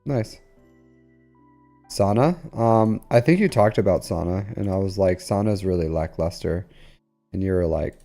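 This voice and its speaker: A man's voice: lowish voice, animated, moderate pace, dark tone, faint music behind. A man streaming a game live, chatting casually with viewers in a rambling way full of fillers. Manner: rambling, filler-heavy, talks to chat.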